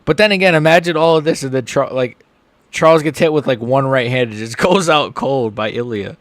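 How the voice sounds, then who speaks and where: A young man streaming a live reaction to fights, chatting casually and getting loud and excited when something big happens. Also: brisk, dry recording. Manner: casual, excitable, shouts with rising pitch at big moments.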